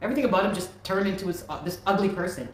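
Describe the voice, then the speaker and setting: A woman recounting a personal story as an interview guest, animated and acting out the dialogue of others. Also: medium pitch, rapid-fire. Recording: roomy echo.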